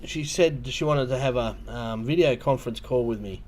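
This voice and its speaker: A man's voice: medium pitch, normal speed, darkish tone. A man with an Australian accent hosting a casual livestream, telling a rambling story full of ums and restarts. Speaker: livestream host.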